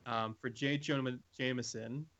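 A man with a mid-pitched voice who lays out facts steadily in casual podcast chat, pausing on small fillers. His mic sounds dull and lo-fi. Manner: informative, steady, with ums. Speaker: podcast co-host.

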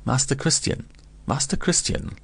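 A man's voice: lowish voice, animated, normal speed, gravelly, darkish tone, husky, exaggerated voice. A man voicing a gossipy older male curiosity vendor who tells a grim tale in a chatty, meditative way.

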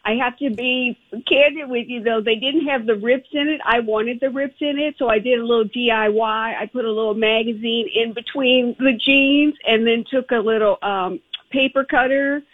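A woman's voice: on the high side, fairly even intonation, normal speed, dry recording. A woman guest calling into a radio show, bubbly and candid, sometimes searching for words. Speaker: guest trend correspondent. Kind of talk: radio phone interview. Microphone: phone line. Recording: tinny phone line.

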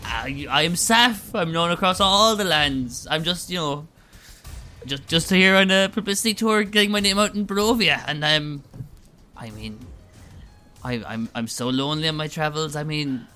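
A man's voice: fairly high pitch, normal speed, sharp tone, faint music behind. A man playing a smarmy flirty showman. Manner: smarmy, laying on charm. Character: boastful, flirty male traveling performer.

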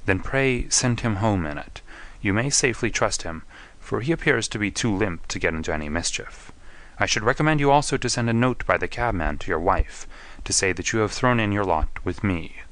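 A man voicing a sharp, commanding male detective, speaking in a quiet, precise and assured way. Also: lowish voice, lively intonation, a little fast. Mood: hushed. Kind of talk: audiobook character reading.

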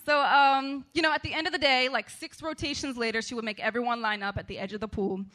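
Woman storyteller, high and bright voice, chatty live-stage delivery with lots of fillers. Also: fairly even intonation, fast talker. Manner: chatty, laughing, many fillers like "like" and "right".

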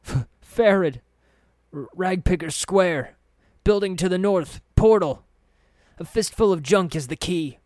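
A man voicing a terrified young male thug who stammers and wails in panic, high above his own pitch. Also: expressive, unhurried, darkish tone, no room sound, studio quality. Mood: panicked.

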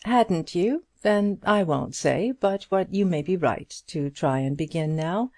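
A woman's voice: fairly low pitch, expressive, unhurried, dark tone, dry recording, clean studio sound. A woman voicing a frank, gossipy older single woman with folksy, blunt talk in an audiobook reading. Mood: frank, knowing. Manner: chatty, blunt, homely turns of phrase.

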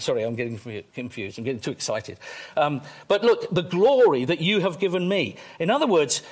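A man preaching a sermon, excitable, moving between quiet stretches and loud exclamations. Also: a little high.

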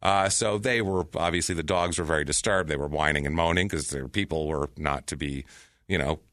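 A man casually telling a true crime story on a podcast, profane and animated, with sudden loud outbursts. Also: extremely low pitch, brisk, no echo, studio quality. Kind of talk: casual chat.

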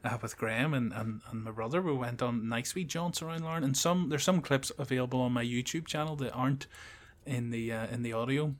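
A man's voice: medium pitch, fairly quick, few pauses. A man hosting a podcast, introducing a clip with dry joking asides and frequent hesitant fillers. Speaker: podcast host. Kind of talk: casual podcast chat and interviewing.

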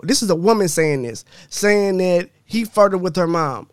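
A man's voice: high-pitched, animated, normal speed, a bit bright, clean tone, dry recording, studio quality. A man hosting a podcast, reading listener comments aloud in a blunt, profane, laughing casual chat. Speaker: podcast host.

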